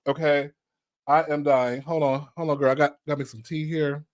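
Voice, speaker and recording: A man's voice: a little high, little pitch movement, normal speed, dry recording. A man hosting a podcast in casual chat, sassy, flamboyant and playful. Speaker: podcast host.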